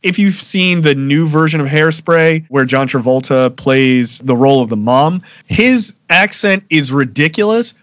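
A man's voice: a little high, expressive, a little slow, few pauses, fairly bright tone, no room sound. A man from Baltimore, a guest in a casual interview, talking emphatically and laughing often.

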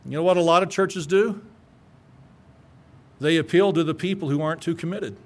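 A man's voice: a little high, normal speed. A male pastor preaching a sermon in an earnest, conversational way that climbs into emphatic peaks.

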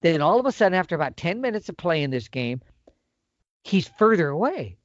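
Middle-aged guy telling a hunt story, folksy, pitch all over the place, muffled dry recording. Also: brisk, no echo. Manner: animated, folksy storyteller with lively swings. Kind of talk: casual storytelling. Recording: dull, lo-fi dry sound.

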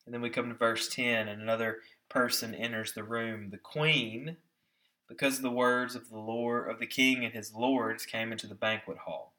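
A man preaching a sermon with emphasis, slowing down to stress key words and putting rhetorical questions to his listeners. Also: mid-range voice, fairly even intonation, sharp tone. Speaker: pastor.

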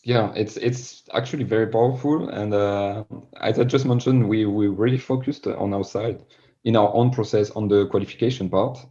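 French-accented man, dark muffled voice. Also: lowish voice, steady tone, normal speed. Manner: earnest, repeats words when explaining. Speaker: guest. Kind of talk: podcast interview.

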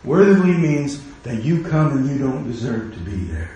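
A man's voice: medium pitch, big pitch swings, normal speed, warm tone, lo-fi sound. A man preaching a sermon as pastor, impassioned and full of rhetorical questions. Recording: very echoey room.

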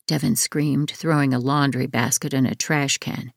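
A woman reads a memoir aloud in a measured, even way. Her voice is low and gravelly. The sound is dry and close to the mic. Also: no echo. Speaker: audiobook narrator. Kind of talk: scripted memoir narration.

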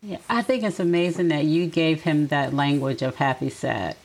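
A woman in her forties, an empty nester, talking in a reflective, gentle way and offering advice in a casual conversation. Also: sits low, normal speed, vocal fry, poor audio. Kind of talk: casual chat.

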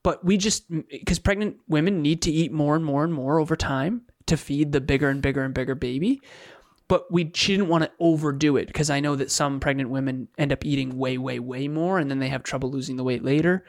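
A man's voice: on the high side, brisk, no echo, clean studio sound. A man who works as a fitness coach, co-hosting a podcast in casual talk. He sounds earnest and repeats words for emphasis.

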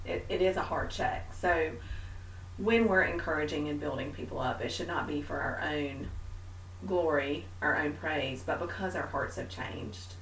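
A woman co-hosting a casual faith talk, telling a story with animated, self-mocking energy. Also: low-pitched, moderate pace, far from the mic, slight background noise. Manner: animated storyteller, mimics herself. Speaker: podcast co-host. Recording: echoey room, a bit off-mic.

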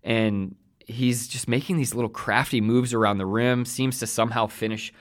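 A man co-hosting a team basketball podcast, telling behind-the-scenes stories in a relaxed, casual way. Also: medium pitch, moderate pace. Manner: relaxed storyteller, recounting behind-the-scenes moments. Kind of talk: casual sports chat.

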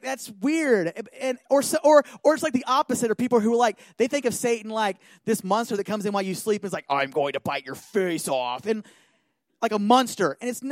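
A young adult man preaching as a youth pastor in an animated, playful, self-deprecating way. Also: very high-pitched, dry recording. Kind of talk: youth sermon.

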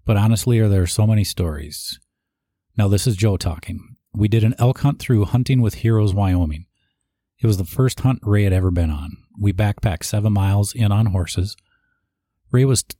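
A man with a lowish, mellow voice reads written tributes aloud at an ordinary pace, now and then pausing for his own asides and restarting lines. He's acting as a eulogy reader, and the studio recording is clean with no echo.

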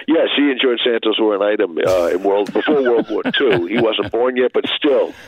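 A man's voice: lowish voice, normal speed, slight background noise. An older man, a guest on a talk show, telling stories in casual chat with dry, self-deprecating jokes. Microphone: phone line. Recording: tinny phone line.

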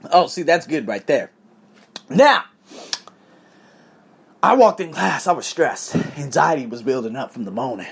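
Gravelly, husky man telling a story. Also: on the high side, measured pace, long pauses. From Las Vegas, USA. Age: 30s. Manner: animated, profane, laughs often. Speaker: storyteller talking to viewers. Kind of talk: casual storytelling monologue.

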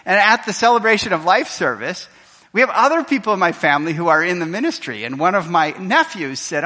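A man's voice: sits high, big pitch swings, a little fast, pushed and bright. A middle-aged man preaching a sermon as pastor, telling a personal story with emotion and acting out the voices of others. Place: church sanctuary. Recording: reverberant church hall.

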